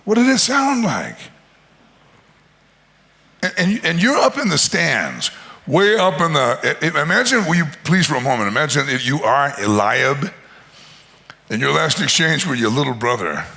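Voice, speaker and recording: A male pastor preaches with a lively, storytelling energy, acting out voices and laughing often. His speech swings widely in pitch and has a gravelly edge. His tone is bright and forceful. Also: unhurried, pauses often. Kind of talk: sermon.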